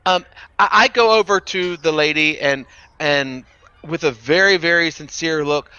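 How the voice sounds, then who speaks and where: A man speaks in character at a tabletop game in an earnest, persuasive, flowery way. His voice is bright and tense, slightly high. The sound is dull, lo-fi and dry. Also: normal speed, clear, resonant tone. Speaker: player.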